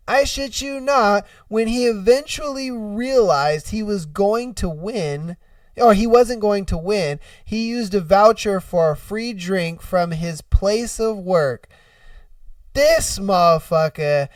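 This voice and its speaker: A man hosting a podcast, telling stories in an animated, profane way and laughing often, recorded dry and a little away from the mic. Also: high voice, takes it slowly, no room sound, recorded from a distance. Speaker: podcast host. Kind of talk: casual storytelling and reacting.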